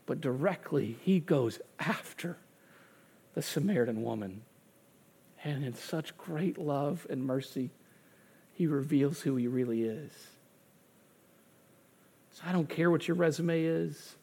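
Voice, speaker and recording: A man preaching a sermon with passion, swinging from loud bursts to hushed, quiet stretches. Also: sits high, creaky. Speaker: pastor.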